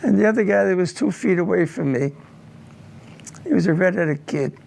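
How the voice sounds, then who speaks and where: An older man, a war veteran, recounting a personal war memory in an interview, grave and halting, often repeating his words. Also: high-pitched, gravelly, darkish tone.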